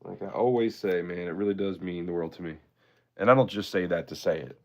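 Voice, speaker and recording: A man's voice: low-pitched, fairly quick, a little mellow. A man hosting a live-stream auction, chatting in a laid-back way and thanking his viewers often.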